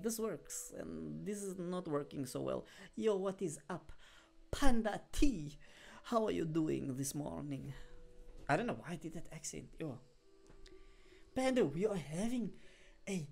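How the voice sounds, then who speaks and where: A young adult streamer, chatting casually to a live audience in a rambling way, full of fillers. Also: mid-range voice. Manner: animated bursts when greeting viewers. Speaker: live streamer talking to chat.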